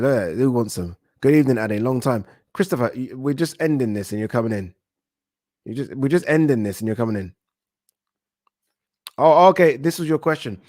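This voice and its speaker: A British man hosting a casual boxing livestream, chatting excitably, swearing casually and reading out viewer messages. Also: medium pitch, no echo, studio quality.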